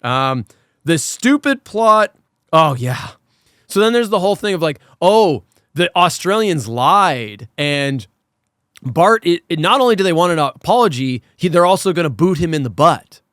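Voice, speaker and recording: Ranting, excitable man hosting a podcast. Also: fairly high pitch, a little slow, no room sound, clean studio sound. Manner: animated, ranting, profane. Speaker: podcast host. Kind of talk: casual chat.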